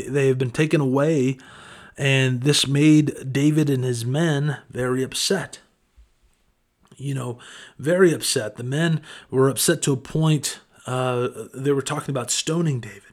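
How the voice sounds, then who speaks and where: A man preaching a casual devotional talk, conversational and earnest, often saying "man" and "you know". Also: mid-range voice.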